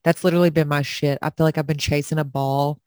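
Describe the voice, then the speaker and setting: A woman's voice: low voice, steady tone, fast talker, a little mellow, no echo, clean studio sound. A young woman co-hosting a podcast, trading sassy, profane banter in a casual chat. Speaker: podcast co-host.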